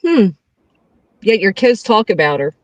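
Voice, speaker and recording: A woman's voice: medium pitch, big pitch swings, unhurried, no echo. A woman commenting on a played stream, mocking it with sarcastic, swearing remarks.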